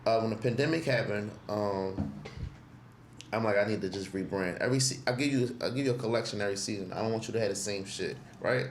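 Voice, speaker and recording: Swearing freely and acting out his own past remarks, a twenty-something podcast guest who owns a clothing brand spins casual stories with lots of animation. He speaks quickly in a lowish voice; the recording has a roomy echo and a bit of background noise.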